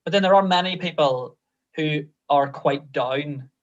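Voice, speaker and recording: Man, pastor, thoughtful and hesitant, slightly high voice, dull lo-fi sound. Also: a little slow. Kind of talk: casual interview answers.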